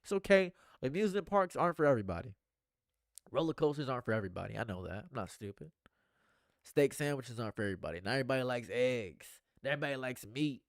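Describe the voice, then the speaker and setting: A man streaming a rambling, earnest monologue, going from hushed to excited and repeating his phrases. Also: medium pitch, fast, no room sound, clean studio sound. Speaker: commentary streamer.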